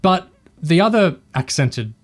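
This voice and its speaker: A man's voice: fairly high pitch, big pitch swings, measured pace, faint music behind. A man co-hosting a discussion podcast, opinionated and hesitant, often restarting his sentences. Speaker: podcast co-host.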